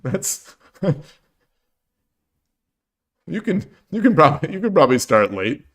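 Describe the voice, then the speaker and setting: A man's voice: a little high, sing-song, measured pace, fairly bright tone. Tired, rambling man streamer. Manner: rambling, with frequent restarts and self-deprecating jokes. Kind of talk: casual chat while streaming games.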